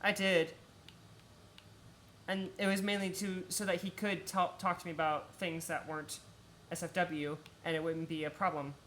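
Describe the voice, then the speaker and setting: An Australian woman chats loosely while she plays, dropping swear words and laughing easily. Her voice sits a little low but comes across bright and forceful. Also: flat delivery, moderate pace, a little hiss or hum. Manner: chatty, swears freely, laughs often. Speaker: streamer. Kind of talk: casual chat while gaming.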